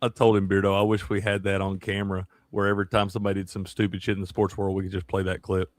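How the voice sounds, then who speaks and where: A man's voice: low voice, monotone, fast, no echo. A man co-hosting a sports show, joking in laid-back banter. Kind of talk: casual sports chat.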